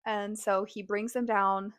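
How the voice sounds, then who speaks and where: A woman hosting a casual TV recap vlog, talking in a chatty, animated way with lots of "like" fillers. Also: medium pitch, a little slow, clear, resonant tone, dry recording, clean studio sound. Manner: animated, exclaims and laughs. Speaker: show recap host.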